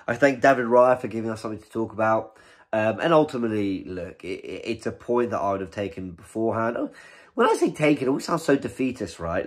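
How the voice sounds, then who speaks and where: A man hosting a fan channel, giving a casual, candid post-match review to camera. He restarts sentences often and gets excited when praising a save. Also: lowish voice, fast. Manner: chatty, candid, with frequent restarts. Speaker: football fan channel host.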